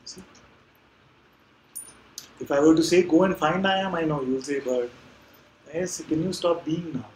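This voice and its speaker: A man with a somewhat high voice gives a calm, patient spiritual talk to a live gathering. He explains with easy conviction and keeps checking that his listeners follow him. A faint hiss sits under his voice. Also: measured pace, pauses often, rough recording. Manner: gentle, patient, with frequent tag questions like "no?". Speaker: spiritual teacher. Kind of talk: live satsang Q&A teaching.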